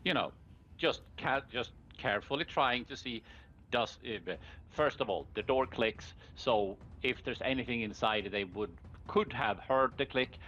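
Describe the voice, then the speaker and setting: A man playing a tabletop role-playing game, explaining his character's moves with many halting restarts. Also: mid-range voice, fairly bright tone. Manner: hesitant, many restarts and fillers. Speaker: player. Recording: dull lo-fi mic with faint background hiss.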